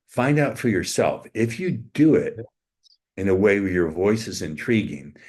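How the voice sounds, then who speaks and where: Man, very deep voice, interview guest, dating coach, slow suggestive storytelling. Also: a little mellow. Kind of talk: interview, demonstrating hypnotic language patterns.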